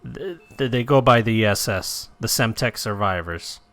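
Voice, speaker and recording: A man voicing a nervous, shady male arms dealer who rambles and protests loudly. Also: on the low side, normal speed, no room sound. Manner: rambling, defensive, loud protests.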